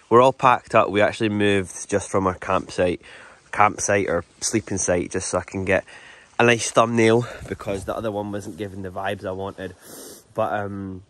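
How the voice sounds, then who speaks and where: Scottish guy rambling on about his camping trip, low-ish voice, laid back. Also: steady tone, measured pace, long pauses, a bit bright. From Scotland. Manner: chatty, easygoing, rambling. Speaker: vlogger. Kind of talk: casual vlog chat. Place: car camping outdoors by a loch.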